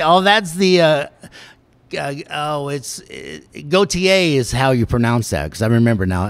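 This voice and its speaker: Lively rambling host. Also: male voice, fairly high pitch, no echo. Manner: rambling, laughs often, drawling storyteller. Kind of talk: casual radio-style show chat.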